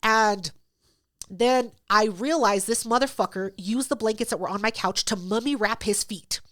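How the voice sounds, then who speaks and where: A woman's voice: mid-range voice, moderate pace, fairly bright tone. A woman hosting a podcast, telling a story in casual, profane chat and acting out both sides of it. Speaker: podcast host.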